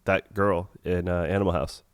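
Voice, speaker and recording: A young man with a head cold and a nasal voice, chatting casually as a podcast co-host with halting restarts. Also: sits low, little pitch movement, clear, resonant tone, no echo, studio quality. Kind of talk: casual chat.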